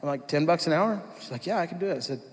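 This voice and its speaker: A man's voice: a little high, lively intonation, rapid-fire. A man, likely in his thirties, telling his personal testimony in a conversational storytelling way, with restarts and asides. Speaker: speaker giving a testimony. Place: church hall. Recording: long reverb of a large hall.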